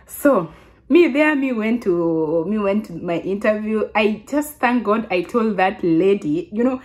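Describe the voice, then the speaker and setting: A Kenyan woman in her twenties telling a casual story to her vlog audience, chatty and animated, often restarting her sentences. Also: mid-range voice, measured pace. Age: 20s. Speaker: vlogger.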